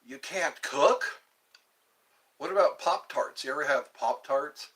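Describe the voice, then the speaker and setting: Man in his fifties, live-stream host, unhurried delivery, bright tone, chatty and joking with viewers. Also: a little high, slightly rough, poor audio. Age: 50s. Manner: reads viewer comments aloud and chats back to them; playful, jokey. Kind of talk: casual live-stream chat.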